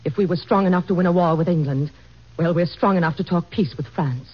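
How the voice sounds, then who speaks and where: A woman's voice: on the low side, fairly quick, slightly rough. A woman playing an earnest, persuasive first lady in a vintage radio drama. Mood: pleading. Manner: earnest, gently insistent. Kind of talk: 1940s radio acting. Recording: dull old radio recording.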